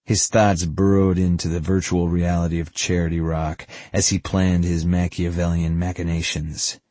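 A man reading a story aloud as an audiobook narrator, steady and even, close to the microphone. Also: low-pitched, normal speed, no room sound. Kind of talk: scripted narration.

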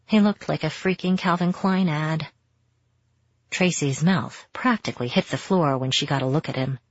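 A woman narrating a first-person romance novel in a steady, intimate storytelling manner. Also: low-pitched, moderate pace, dry recording, highs cut off. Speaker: audiobook narrator.

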